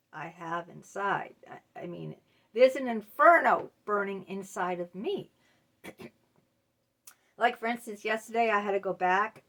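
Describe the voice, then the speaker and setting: A middle-aged woman speaks into her camera in a candid, confiding monologue. Her voice sits at an ordinary middle pitch. She often stalls on fillers and restarts as she works through what she wants to say. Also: fairly bright tone. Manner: candid and confessional, halting with frequent fillers. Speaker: channel host. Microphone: talking to camera.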